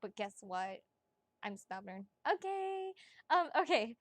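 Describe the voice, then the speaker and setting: Giggly woman rambling on a livestream, high bright voice, dry close mic. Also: sing-song, no echo. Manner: bubbly and giggly, chatty, talks fast with asides. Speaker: psychic reader, livestream host. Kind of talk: casual livestream chat.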